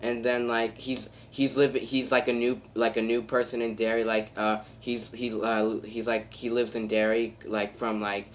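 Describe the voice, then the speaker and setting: A man talks through a movie review in a casual, unscripted way. His voice sits at an ordinary middle pitch. He rambles eagerly, circling back and stacking fillers and restarts as he goes. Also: little pitch movement, normal speed, hardly any pauses, slight background noise. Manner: rambling, enthusiastic, heavy filler words and restarts.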